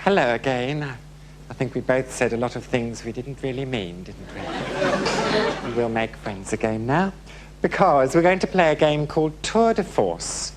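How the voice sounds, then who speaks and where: Camp, teasing game show host. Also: male voice, medium pitch, lively intonation, normal speed, over a noisy crowd, very noisy. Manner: camp, arch, teasing quips. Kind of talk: studio game show hosting. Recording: TV studio with audience and music.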